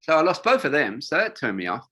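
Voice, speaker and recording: A man's voice: a little high, big pitch swings, quick pace, bright, forceful tone. An older man, a wingsuit designer, telling rambling stories in a casual interview, with lots of fillers and restarts.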